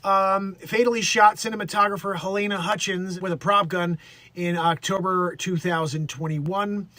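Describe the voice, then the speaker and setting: A man's voice: high voice, steady tone, normal speed, pushed and bright, dry recording. A man hosting a daily livestream, reading news aloud and riffing on it in a rambling, jokey way with some swearing. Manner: rambling, jokey, swears, slips into put-on voices. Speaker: livestream host.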